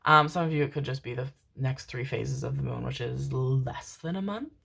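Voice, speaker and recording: Woman doing a tarot reading, low voice, sweet and rambly, keeps calling folks darling and loves. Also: moderate pace, vocal fry, a bit bright, breathy edge. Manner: tender, calls listeners pet names; rambling, emotional, swears casually. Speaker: tarot reader. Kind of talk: casual tarot reading to viewers.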